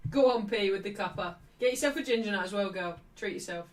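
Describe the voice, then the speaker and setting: A woman hosting a live football watchalong, chatting cheekily and shouting out at refereeing calls. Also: medium pitch, quick pace, distant mic. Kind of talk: live match watchalong commentary.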